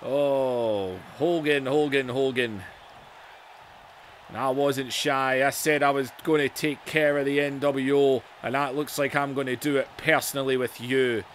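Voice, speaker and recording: A man's voice: medium pitch, steady tone, unhurried, slight background noise, natural voice. A man voicing a brash, boastful older male wrestler who answers a challenge with swaggering trash talk. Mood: defiant. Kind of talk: mock wrestling promo over a video game.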